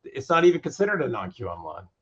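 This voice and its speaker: A man's voice: medium pitch, sing-song, quick pace, fairly bright tone, dull audio. A man speaking as a guest in a podcast interview on lending. He makes his points emphatically and repeats phrases to drive them home.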